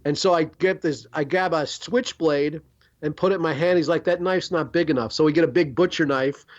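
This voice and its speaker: A man's voice: a little high, fairly quick, dull audio. A middle-aged man, hosting a podcast and telling rambling, profane stories. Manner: rambling, profane, animated storyteller. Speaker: podcast host. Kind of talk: storytelling chat.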